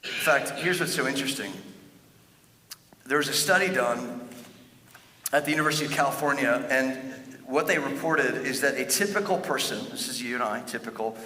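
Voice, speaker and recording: A man's voice: mid-range voice, moderate pace, sharp tone. A male pastor preaching a sermon in a conversational, storytelling way, often stumbling over and restarting his words. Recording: echoey hall with long reverb.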